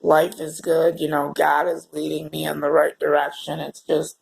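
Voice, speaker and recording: A man talking to the camera in a personal vlog, halting and heartfelt, often repeating words as he searches for what to say. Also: fairly high pitch, completely flat delivery, creaky. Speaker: vlogger. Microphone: camera held or set facing away.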